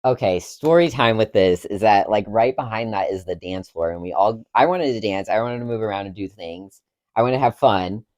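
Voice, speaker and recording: A man's voice: on the low side, moderate pace. Guy in his 20s telling a story, laughs a lot, voice jumps all over, does little voices for people. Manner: animated, laughs often, acts out other people's lines. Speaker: vlogger. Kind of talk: casual storytelling.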